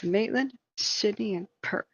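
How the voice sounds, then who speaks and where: A woman's voice: mid-range voice, a little slow, fairly bright tone, breathy edge. A woman host on a live stream, telling a long self-deprecating story in a rambling way with many fillers. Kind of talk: casual storytelling.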